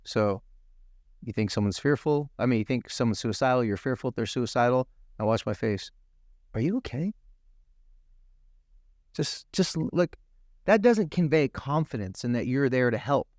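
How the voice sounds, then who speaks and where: A man's voice: mid-range voice, animated, moderate pace, darkish tone, no room sound, studio quality. A man appearing as a guest on a TV talk show, telling a personal story earnestly and emphatically, acting out the quoted dialogue. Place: TV studio.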